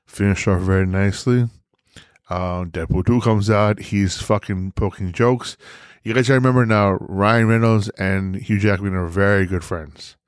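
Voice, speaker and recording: Low-voiced guy ranting about movies, super animated, swears a lot, dry sound. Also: normal speed, smooth, no echo. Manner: animated, theatrical, profane. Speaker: podcast host. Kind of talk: casual movie talk.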